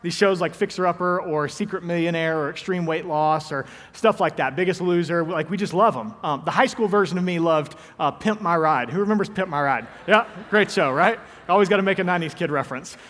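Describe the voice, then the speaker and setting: High-voiced joking young pastor. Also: male voice, brisk, few pauses, a bit bright, in a large hall. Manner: joking, self-deprecating storyteller. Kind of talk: conversational sermon. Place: church sanctuary.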